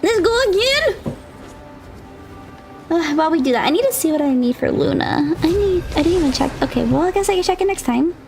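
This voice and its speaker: A young woman streaming a video game, chatting casually with viewers and reacting with loud shrieks. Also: high voice, fast, gravelly, hardly any pauses. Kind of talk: casual live-stream chat while gaming. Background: game music and sounds.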